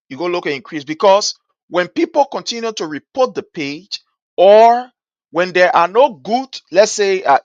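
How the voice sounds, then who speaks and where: A man's voice: mid-range voice, a bit bright, dry recording. A man with a Liberian English accent hosting a live-stream talk show, greeting viewers by name with effusive thanks and pleading appeals. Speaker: livestream show host. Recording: dull, dry lo-fi stream audio.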